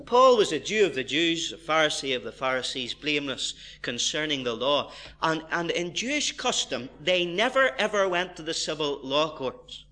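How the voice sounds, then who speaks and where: A man preaching a verse-by-verse Bible sermon, moving from quiet explanation to fervent emphasis. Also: fairly high pitch, sing-song, moderate pace. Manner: impassioned, swinging from soft asides to fervent emphasis.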